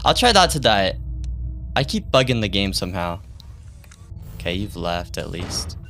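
A young man streaming a horror game, reacting with laughs, yelps and quick commentary. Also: low voice, faint music behind. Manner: excitable, laughing, yelping reactions. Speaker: gaming streamer.

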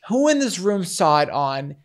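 A man's voice: sits high, sing-song, moderate pace. Man ranting in dramatic exasperation. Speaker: podcast co-host. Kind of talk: casual chat.

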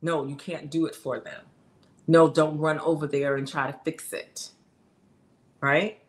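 A woman's voice: low voice, flat delivery, a little slow. A middle-aged woman coach giving an emphatic, conversational motivational talk straight to her viewers.

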